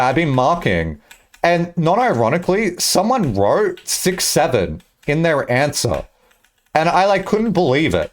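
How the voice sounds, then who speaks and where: A young man chatting casually on a live stream, rambling and joking with bursts of excitement. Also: on the high side.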